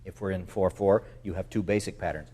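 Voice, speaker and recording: A man's voice: deep voice, fairly even intonation, fairly quick, mellow. Man, music clinician, masterclass coaching, talks through ideas with fillers, sings bits of phrases on syllables. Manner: thoughtful, with many fillers.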